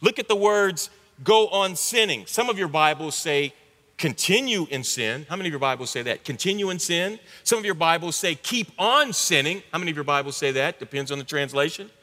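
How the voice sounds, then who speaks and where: A male pastor preaching a sermon, swinging between loud emphatic bursts and hushed low lines. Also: animated, a little fast. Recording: long hall reverb.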